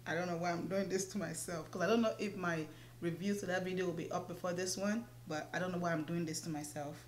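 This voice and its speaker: A woman's voice: on the low side, fairly even intonation, quick pace, reverberant, a little hiss or hum. A young woman chatting casually while doing her makeup, laughing often. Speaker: beauty vlogger. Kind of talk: casual get-ready-with-me chat.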